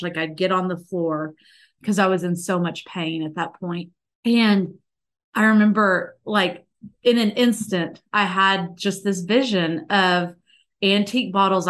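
A woman's voice: on the low side, fairly bright tone. A woman, likely in her thirties, telling a guest in an interview her emotional personal faith story, earnest and full of restarts. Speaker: podcast guest.

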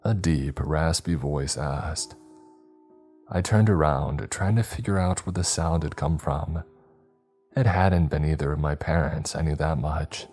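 A man narrating a scary story in a measured, somber telling. His voice is extremely deep and husky, with a low, breathy grain. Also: a little mellow, soft background music. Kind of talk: scripted horror narration.

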